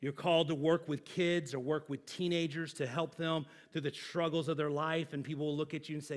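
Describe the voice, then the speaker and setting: A man's voice: a little high, flat delivery, a little fast, few pauses. A man, a pastor, preaching a sermon in a conversational, emphatic way with everyday examples.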